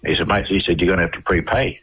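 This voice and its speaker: Australian man, radio guest. Low, husky voice; halting, rambling delivery full of fillers. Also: a bit bright, poor audio. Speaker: interview guest. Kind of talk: casual radio interview storytelling.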